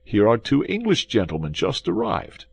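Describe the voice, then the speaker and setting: A man voicing an excitable, fretting male innkeeper from a classic adventure novel audiobook, speaking in a pleading, hand-wringing way. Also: fairly low pitch, unhurried, creaky, breathy edge, voice pushed up, heavily acted. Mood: fretful.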